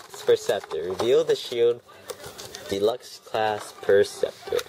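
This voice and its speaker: With a TV playing and a dog snoring nearby, a toy reviewer takes his time through a casual, sarcastic unboxing at home, rambling and complaining about the packaging. His pitch is fairly low, and the background is noisy.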